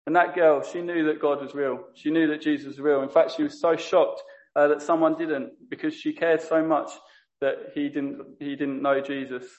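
Male lay preacher, earnest and self-correcting, higher monotone, muffled recording. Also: normal speed. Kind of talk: sermon.

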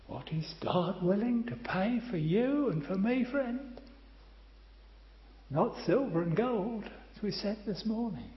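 Older male preacher, slow and emphatic, lively pitch, roomy muffled hall sound. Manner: slow, emphatic, addresses listeners as friend. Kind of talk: sermon. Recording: roomy, slightly dull church recording.

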